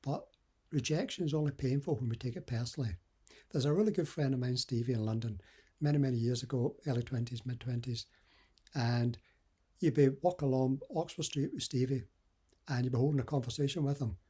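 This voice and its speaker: A middle-aged man speaks with a husky edge in a mellow, warm tone. He gives dating and confidence advice in an earnest, conversational way. He often acts out little example dialogues. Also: mid-range voice, a little fast. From west coast of Scotland. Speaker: dating coach. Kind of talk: motivational advice talk.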